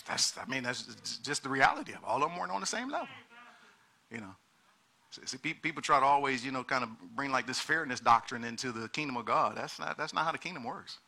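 A man preaching a sermon in an animated way, repeating words and acting out the people he quotes. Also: mid-range voice, quick pace, vocal fry.

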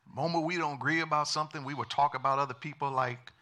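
A man's voice: a little high, fairly even intonation, quick pace, sharp tone. A male pastor preaching a sermon emphatically and calling on the congregation to respond.

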